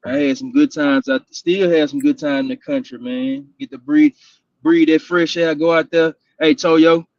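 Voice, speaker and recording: A man's voice: a little high, level tone, normal speed, few pauses, no room sound, muffled recording. A man from Houston with a Texas accent, telling hunting stories in a drawling, laughing way. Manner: drawling, laughs often, restarts mid-sentence. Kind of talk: casual storytelling chat.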